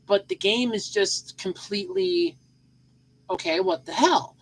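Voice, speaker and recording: A woman's voice: medium pitch, big pitch swings, measured pace, creaky, a bit bright, low-quality recording. A woman hosting a solo podcast in a casual, rambling way, full of fillers and repeated phrases, and sleepy. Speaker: podcast host.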